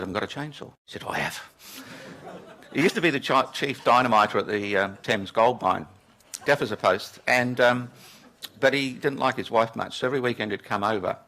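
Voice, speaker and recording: Bright-voiced older man telling stories. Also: mid-range voice. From England. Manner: anecdotal, chuckling at his own stories. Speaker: keynote speaker. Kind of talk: storytelling talk to a live audience. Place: lecture room with audience.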